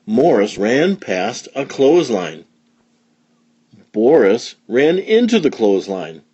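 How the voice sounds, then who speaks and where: A man narrating a children's picture book at a slow, careful pace, his voice dark and mellow with a husky edge. His pitch rises and falls widely as he reads, and the recording is dull and lo-fi. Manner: slow, expressive read-aloud delivery. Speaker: storyteller reading to children. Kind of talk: children's read-along narration.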